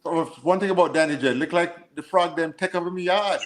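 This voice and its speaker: A man's voice: a little high, a little fast. A man in a casual live-stream chat, arguing his point insistently with jokes. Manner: insistent, joking argument.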